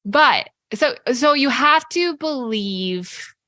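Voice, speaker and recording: A woman's voice: high-pitched, animated, takes it slowly, sharp tone, no room sound, studio quality. A woman co-hosting a podcast, talking earnestly in casual reflective chat, full of "like" and "right?" as she explains. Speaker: podcast co-host.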